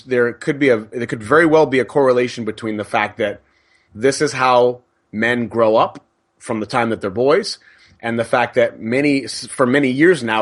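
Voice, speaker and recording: A man's voice: medium pitch, fairly bright tone. A man co-hosting a podcast, talking earnestly and explaining his point with statistics. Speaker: podcast co-host. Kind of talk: casual podcast discussion.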